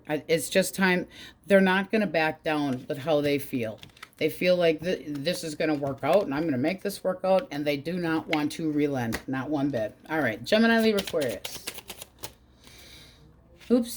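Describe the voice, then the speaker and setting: A woman's voice: sits low, background noise. A woman doing a casual tarot reading, talking bluntly and swearing freely. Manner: blunt, swears freely, quotes in exaggerated voices. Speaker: tarot reader.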